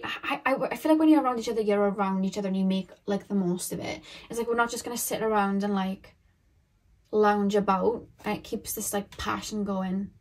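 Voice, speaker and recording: A woman's voice: medium pitch, background noise. A woman giving a casual pick-a-card tarot reading to her viewers, rambling and thinking aloud with lots of filler words.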